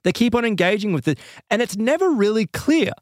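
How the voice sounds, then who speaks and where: A man casually telling a strange story to a co-host, animated and laughing as he acts out quoted voices. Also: sits high, brisk, dry recording, clean studio sound.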